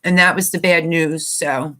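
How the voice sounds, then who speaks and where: Speaking at normal speed in a deep, pushed, bright voice with fairly even intonation, this middle-aged YouTuber from Pennsylvania, USA, is hosting a live stream. Near tears and choked up, she rambles apologetically, leaning on many fillers in an emotional, casual way.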